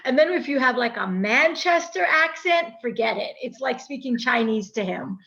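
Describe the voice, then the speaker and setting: A woman's voice: high voice, expressive, normal speed, gravelly, fairly bright tone. A woman with an American accent hosting a casual podcast interview, chatty and gushing, with many fillers and restarts. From United States. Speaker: podcast host. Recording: dull lo-fi recording.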